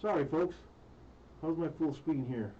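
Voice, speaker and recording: A man's voice: a little high, unhurried, mellow. A man hosting a live radio stream, casual and a little fumbling with the equipment, apologizing to listeners. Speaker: radio show host. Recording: distant, muffled, faint noise.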